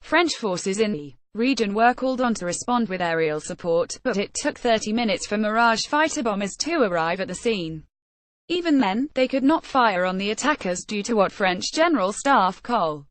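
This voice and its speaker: A woman reading a news article aloud in an even, steady way. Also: mid-range voice, moderate pace, dry recording. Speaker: news reader.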